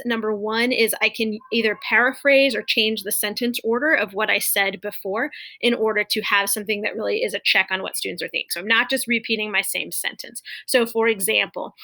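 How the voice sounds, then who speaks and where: A young adult woman coaching teachers, explaining classroom call-and-response techniques and demonstrating them with clear, exaggerated cues as if to students. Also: medium pitch, fairly even intonation, a little fast, pushed and bright. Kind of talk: instructional demonstration.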